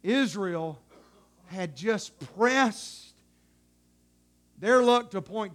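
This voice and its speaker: High-voiced preacher, animated and dramatic. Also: male voice, extremely slow, pauses often. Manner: dramatic and animated, swinging from shouts to hushed tones; colloquial, acts out God's voice. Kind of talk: sermon.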